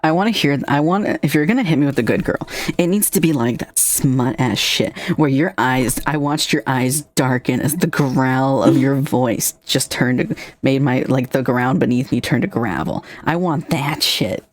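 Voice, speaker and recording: A woman's voice: very deep voice, normal speed, hardly any pauses. Rambling, joking woman on stream. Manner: rambling, joking, swearing freely. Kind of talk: casual stream chat.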